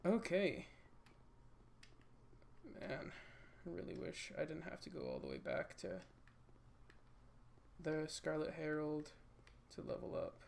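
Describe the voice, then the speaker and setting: Man, let's-play commentary, lively up-and-down voice, gravelly, jokey rambling, unhurried. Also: on the high side, slight background noise. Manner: jokey, rambling, talks to game enemies. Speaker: gaming channel host.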